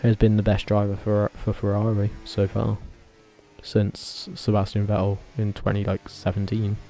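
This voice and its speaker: Vlogger man, lowish mellow voice, casual rambling commentary with restless self-corrections. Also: monotone, moderate pace.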